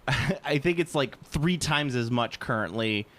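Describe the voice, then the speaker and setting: A man's voice: medium pitch, animated, slow pace, fairly bright tone. Man co-hosting a podcast, swearing. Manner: swearing, laughing, rambling banter. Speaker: podcast co-host. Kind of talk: casual chat.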